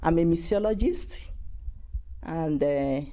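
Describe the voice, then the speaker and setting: A woman from Nigeria, a religious sister and lecturer, answering interview questions in measured, short sentences. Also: sits low, mellow.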